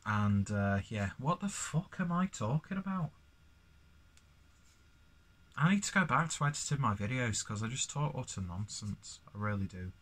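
A man's voice: medium pitch, animated, normal speed, fairly bright tone. A man, casually reviewing a beer in a rambling, sweary vlog full of self-mocking asides.

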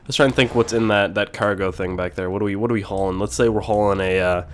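A man hosting a casual let's-play video while sick, clearing his throat often, excitable and quick to yell and swear when things go wrong. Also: on the low side, slight background noise. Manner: excitable, swears and yells at mishaps. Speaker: gaming video host.

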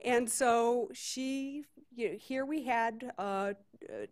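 A woman's voice: a little high, takes it slowly. A woman from Detroit moderating a conference panel, talking conversationally with many fillers. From Detroit, USA. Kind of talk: conference talk. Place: conference hall stage.

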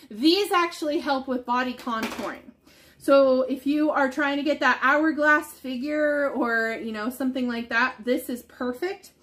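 Bubbly high-voiced woman showing products. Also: fairly bright tone. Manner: bubbly, chatty, rambling. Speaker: product seller. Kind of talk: casual product showcase.

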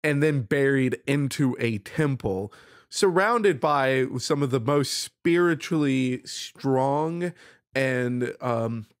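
Slow, dry-sounding male podcast host. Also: mid-range voice, animated, no room sound. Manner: explanatory, rambling with fillers. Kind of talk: casual lore discussion.

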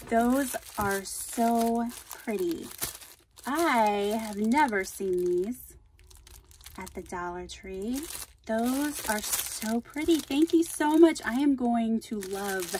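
A woman's voice: medium pitch, a little mellow, a little hiss or hum. A woman hosting a casual craft vlog, opening mail from viewers and thanking them effusively. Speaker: craft channel host.

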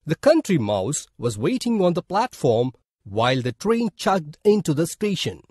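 A man with an Indian English accent narrating a children's story for a school lesson in a slow, deliberate way. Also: a little high, sing-song, a little mellow, slightly rough, no echo, clean studio sound.

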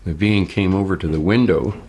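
A man's voice: low voice, normal speed, darkish tone, a little hiss or hum. A man giving a plain, rambling first-person account as a witness. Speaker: abduction witness.

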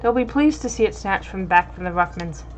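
A woman voicing a rough-spoken male pirate with a low, gruff, folksy delivery. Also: expressive, a little fast, faint music behind, lightly acted.

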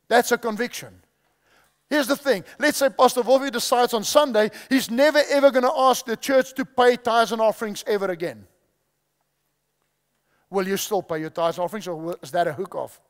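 A male preacher giving a sermon, repeating key phrases and quizzing the audience, in a large church hall. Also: very high-pitched. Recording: long hall reverb.

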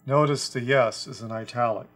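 A man of middle pitch gives a scripture lesson in a deliberate, measured way. He leans on single quoted words as he explains them. Soft music plays faintly underneath. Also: steady tone. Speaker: Bible teacher.

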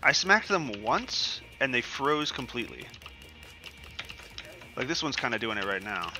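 A man's voice: mid-range voice, big pitch swings, measured pace, music in the background. A young man giving casual, profane commentary over a game he is playing, rambling and ranting as he goes. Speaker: gaming streamer.

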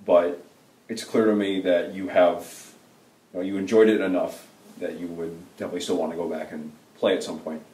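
A man's voice: sits low, little pitch movement, fairly quick, dark tone. A young man who talks to his father in an articulate, wry and thoughtful way during an interview. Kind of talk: casual interview chat. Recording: roomy sound from a distant mic.

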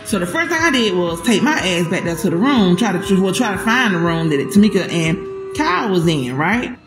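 A woman telling a casual storytime to her viewers, profane and animated, calling them "y'all". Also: medium pitch. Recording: echoey room with faint music.

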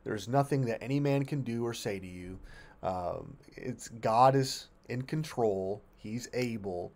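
A man's voice: a little slow, a little mellow. Man, pastor, devotional bible teaching, earnest, emphatic, frequent restarts. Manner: earnest, emphatic, rises in pitch and volume when reading scripture.

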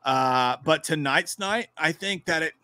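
A man co-hosting a crude, casual livestream, joking loudly and breaking into sung bits. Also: on the high side, unhurried, no echo. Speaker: podcast co-host.

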